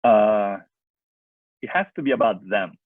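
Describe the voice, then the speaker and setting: Husky man telling coaching stories. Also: lowish voice, a little slow, no room sound. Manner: animated, rambling anecdotes with many fillers. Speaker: filmmaker and youth soccer coach. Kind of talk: casual storytelling in a video-call interview. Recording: tinny phone-like line, dry.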